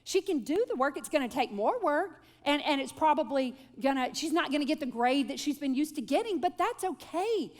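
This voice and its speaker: A woman voicing a calm father who speaks to his daughter in a patient, firm, soft-spoken way. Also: sits high, fairly quick, few pauses. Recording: long hall reverb.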